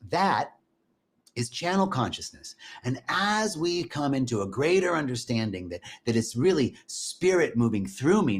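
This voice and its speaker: A man giving a conversational, animated spiritual talk in a live stream. He greets viewers by name between points. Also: mid-range voice, husky. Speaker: spiritual teacher.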